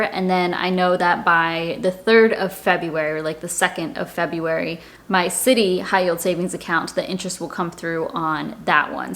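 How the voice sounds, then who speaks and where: A woman's voice: lowish voice, a bit bright. A woman giving a casual vlog update on her finances, chatting straight to her viewers. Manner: chatty, talks directly to viewers with "y'all". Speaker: personal finance vlogger.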